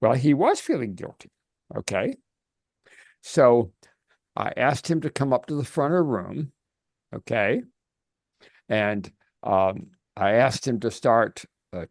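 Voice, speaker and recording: A man coaching on a video call, telling stories in an animated way and often restarting his sentences. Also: mid-range voice, dry recording, studio quality. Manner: animated storytelling with frequent restarts. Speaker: life coach.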